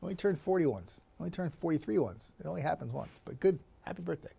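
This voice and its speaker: A man's voice: a little high, lively intonation, quick pace, gravelly, warm tone, slightly rough. A male TV meteorologist chatting casually on a livestream, upbeat and talkative, laughing often and greeting viewers by name. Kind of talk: casual livestream chat reading viewer comments.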